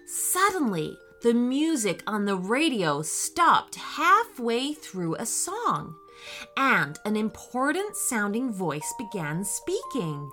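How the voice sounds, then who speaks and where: A woman narrating a children's story in a slow, expressive reading style. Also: mid-range voice, soft background music.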